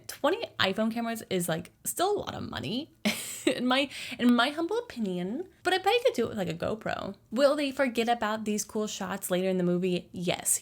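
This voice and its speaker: Playful young woman recapping a movie. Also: on the high side. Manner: jokey, slangy, playful asides. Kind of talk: casual movie explainer.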